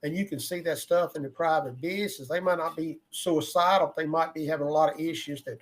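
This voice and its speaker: A man's voice: fairly high pitch, steady tone, brisk. A man, talking in a rambling casual way, often repeating words as he thinks aloud. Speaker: podcast co-host, emergency medical veteran. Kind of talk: casual conversation.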